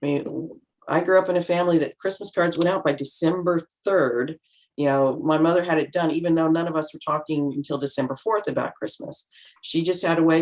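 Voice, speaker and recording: A middle-aged woman on a video call, chatting reflectively as a panel guest and acting out remarks in lively voices. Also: sits low. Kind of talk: casual chat.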